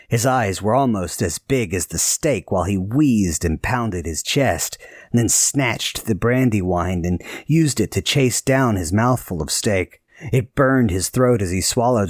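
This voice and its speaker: A man narrating a novel in a measured storytelling voice. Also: lowish voice, lively intonation, no echo, clean studio sound. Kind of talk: scripted audiobook narration.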